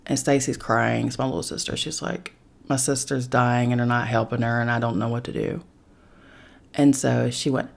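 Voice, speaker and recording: A woman recounts her own story in an intimate podcast monologue. Her voice carries a gravelly fry, and she often sinks into soft whispers when she quotes others. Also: a bass voice, moderate pace. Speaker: podcast host. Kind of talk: personal storytelling.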